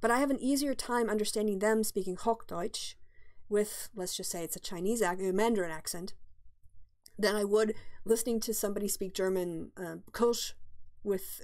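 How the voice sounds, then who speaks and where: A woman's voice: mid-range voice, a little mellow. A middle-aged woman hosts a casual livestream from home and answers questions from the chat. She rambles and thinks aloud, with frequent ums and restarts. She speaks into a desktop microphone in a mid-range voice. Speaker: livestream host.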